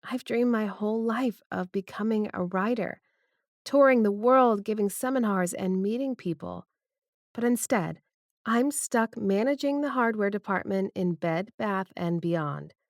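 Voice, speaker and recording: A woman's voice: medium pitch, measured pace, dry recording, studio quality, voice pushed up, lightly acted. A woman voicing a feisty, teasing young woman. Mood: aggrieved.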